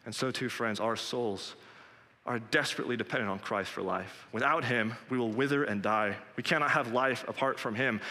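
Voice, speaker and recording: A man's voice: mid-range voice, pushed and bright, big-room sound. A male pastor preaching a sermon in an earnest, conversational way, recorded in a church.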